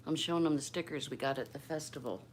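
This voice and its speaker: Talking fast in a low-pitched voice, an older woman hosts a relaxed livestream from her home in Bristol, Pennsylvania. She addresses viewers by name and keeps her volume down, with slight background noise in the recording.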